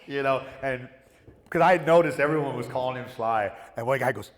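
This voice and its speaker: A man's voice: mid-range voice, a little fast. A middle-aged man telling rambling, profane stories as a guest on a convention panel. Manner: rambling, profane, animated storytelling with whoops. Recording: echoey hall with long reverb.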